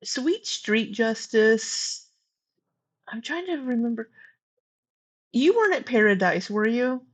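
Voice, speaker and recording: A woman's voice: on the high side, sing-song, takes it slowly. A woman streamer in casual live chat with friends, who keeps breaking into laughter. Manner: giggly, breaks into frequent laughter. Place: indoor room with neighbors next door. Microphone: earbuds with a computer mic. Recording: slightly dull lo-fi stream audio.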